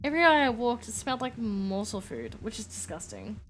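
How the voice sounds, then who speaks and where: A woman's voice: on the high side, huge pitch swings, fairly quick, a bit bright. A woman voicing an ancient, squeamish and haughty vampire woman, in a prim, fussy, complaining manner.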